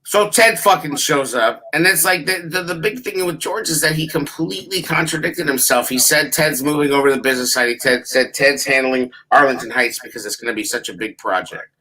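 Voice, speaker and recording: A man co-hosting a casual sports talk show, telling stories in a profane, animated way that breaks into shouts. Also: mid-range voice, a little fast, hardly any pauses. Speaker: podcast co-host.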